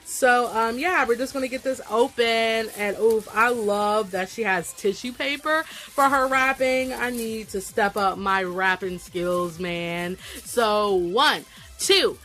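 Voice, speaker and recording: Gushing young woman with a slow, high voice. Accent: Southern US country. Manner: gushing, excitable exclamations. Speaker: vlogger unboxing a gift package. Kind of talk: casual unboxing chat.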